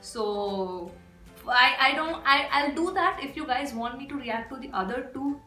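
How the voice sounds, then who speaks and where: A woman's voice: high-pitched, measured pace, bright, forceful tone. A woman from India, gushing emotionally in a casual reaction vlog. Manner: gushing, effusive. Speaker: reaction video host. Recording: echoey room with faint music.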